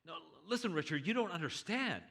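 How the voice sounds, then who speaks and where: A preacher acts out a diplomat who keeps reasoning with his stubborn countryman. He explains firmly in a bright, slightly high voice, with frequent stammered restarts. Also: lively intonation, brisk, heavily acted. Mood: exasperated. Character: exasperated male British diplomat, patient but firm.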